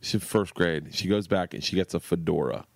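A middle-aged man on a podcast, low-pitched, spinning animated family stories and cursing freely. His voice sits close and dry on the mic, with no room sound around it. He jumps into his daughters' voices mid-story. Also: brisk, gravelly, no echo. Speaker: comedian guest. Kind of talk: casual storytelling.

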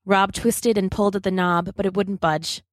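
A woman reading a children's adventure story aloud, steady and dramatic. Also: medium pitch, moderate pace, a little hiss or hum.

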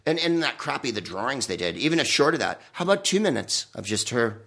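A man comedian in casual conversation, telling profane, animated stories. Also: mid-range voice, quick pace. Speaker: comedian guest. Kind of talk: casual chat.

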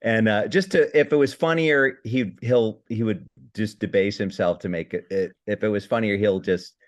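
Low-voiced man chatting from home. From Indiana. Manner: self-deprecating, halting with restarts and laughs. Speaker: podcast guest, comedy writer. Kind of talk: casual interview chat. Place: his home.

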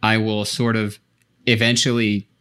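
A man's voice: lowish voice, little pitch movement, measured pace, fairly bright tone, clear, resonant tone. A man co-hosting a podcast, chatting casually and thoughtfully with frequent restarts. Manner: thoughtful, talks in restarts and asides. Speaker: podcast co-host. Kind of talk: casual chat.

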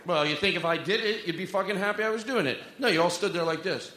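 A man's voice: sits high, fast, bright, forceful tone. A man doing a live stand-up set, rambling, swearing and joking with the crowd in a self-mocking way. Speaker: stand-up comedian. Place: comedy club stage. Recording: echoey hall with long reverb.

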